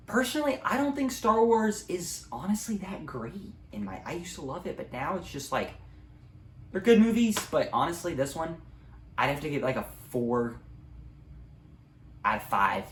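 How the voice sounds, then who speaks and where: A young man in a casual movie review, rambling with many ums and likes. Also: mid-range voice. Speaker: video creator. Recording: echoey room, faint ambient noise.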